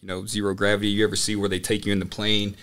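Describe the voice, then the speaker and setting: Man, lowish voice, casual podcast guest, animated storyteller, lots of fillers. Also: very fast. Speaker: podcast guest, student pilot. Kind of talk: casual chat.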